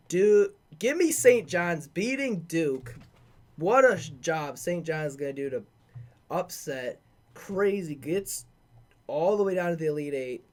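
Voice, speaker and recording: A man hosting a sports podcast, casually talking through bracket picks in an offhand, filler-heavy way as he thinks aloud. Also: on the high side.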